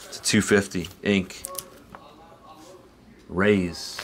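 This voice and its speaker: Slow and deep, a card break host chats on a live stream as he opens cards. His talk is rambling and easygoing, with chuckles between remarks as he reads the card names aloud.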